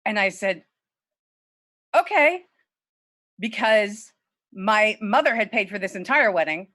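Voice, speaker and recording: A middle-aged woman from Louisiana telling a true personal story at a story slam over a video call, candid and swearing freely, her voice leaping high when she quotes herself. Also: normal speed, bright, forceful tone, no room sound. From Lafayette, Louisiana. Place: home, virtual event.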